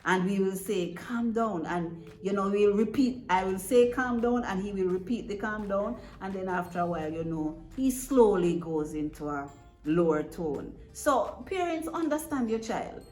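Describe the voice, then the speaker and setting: A woman's voice: mid-range voice, lively intonation, normal speed, darkish tone. Woman, direct advice-giver talking to parents; roomy echo. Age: adult parent. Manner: earnest and direct, checks in with "right?". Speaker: parent coach giving advice. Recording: echoey room with faint music.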